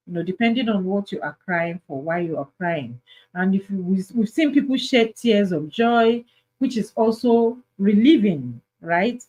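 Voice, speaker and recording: A woman's voice: mid-range voice, a little mellow, rough recording. A Nigerian woman hosting an advice talk, speaking earnestly and pleading, repeating her points for emphasis. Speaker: host.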